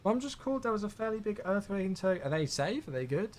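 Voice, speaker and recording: A man's voice: high-pitched, big pitch swings, fast talker, a little mellow. A man chatting casually on a flight sim live stream, rambling as he answers viewer questions.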